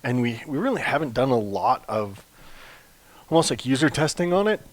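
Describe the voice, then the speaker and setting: A man, a game company executive, chatting casually on a livestream in a relaxed way, thinking aloud. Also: mid-range voice, moderate pace.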